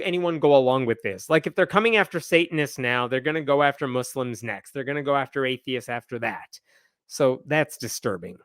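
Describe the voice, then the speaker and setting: Sarcastic male livestream host with a slightly high voice, dry close sound. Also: fairly bright tone, no echo. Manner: sarcastic, reads passages aloud. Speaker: channel host. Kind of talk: livestream commentary.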